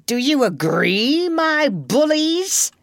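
A woman's voice: high-pitched, big pitch swings, slow, no echo, studio quality, pitched above the performer's own voice, full character voice. A woman voicing a proud, brooding male pirate captain in a storybook reading, declaiming theatrically. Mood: menacing.

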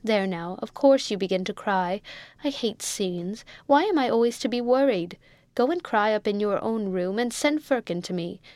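An imperious rich old spinster aunt, peevish and scornful, put on by a woman reading aloud. She talks higher and louder than plain narration, in a dry close recording. The manner is haughty and cutting. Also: expressive, moderate pace, no room sound, close to an everyday voice. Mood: nervous rage.

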